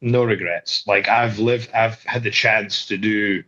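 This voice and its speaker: Animated male storyteller, low lo-fi voice. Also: unhurried. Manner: animated, acts out quoted voices, frequent restarts. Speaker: guest wrestler. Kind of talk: casual interview storytelling. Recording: slightly dull lo-fi sound.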